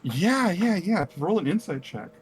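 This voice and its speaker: A man's voice: high-pitched, very animated, measured pace. A man narrating as game master of a tabletop game, rambling with many fillers and restarts.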